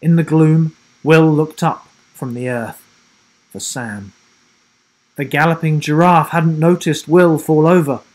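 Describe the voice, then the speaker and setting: A man reading a children's adventure story aloud, with dramatic delivery that drops low and soft for suspense. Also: slow, poor audio. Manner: self-corrects and rereads slips. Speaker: storybook reader.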